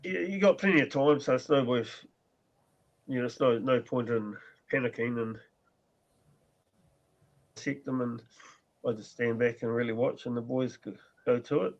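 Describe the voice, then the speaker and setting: A man's voice: mid-range voice, moderate pace, long pauses. A man with a pit crew role, speaking modestly and hesitantly over a video call. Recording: dull lo-fi internet call.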